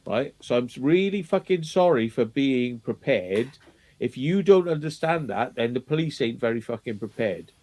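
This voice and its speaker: A man's voice: medium pitch, expressive, normal speed, darkish tone. A man in casual chat, ranting emphatically and swearing a lot.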